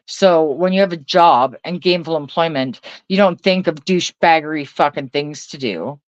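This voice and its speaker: A woman's voice: sits low, normal speed, no room sound, lo-fi sound. A middle-aged woman, ranting casually and profanely to her viewers, laughing often between lines. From Canada. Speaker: vlogger.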